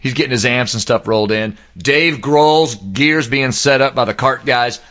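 A man casually telling an animated anecdote, acting out the people in it and singing sound effects. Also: mid-range voice, moderate pace, highs cut off. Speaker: storyteller.

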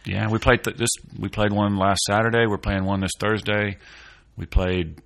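A male guest musician talking in an easygoing, friendly way, often restarting his sentences. His voice sits low and has a gravelly fry. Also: level tone, moderate pace, a bit bright. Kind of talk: casual conversation.

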